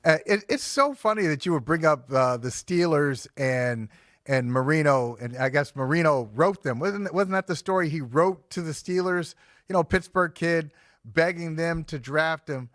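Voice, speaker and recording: A man's voice: fairly high pitch, animated, moderate pace, fairly bright tone, no echo, clean studio sound. A man co-hosting a sports talk show, chatting conversationally and restarting sentences with fillers.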